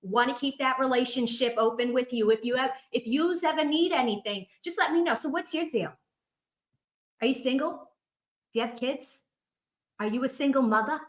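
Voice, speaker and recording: A woman's voice: sits high, moderate pace, voice pushed up, lightly acted. A woman voicing a pushy, nosy neighbor lady with a thick Boston accent, prying and overly familiar. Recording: roomy echo.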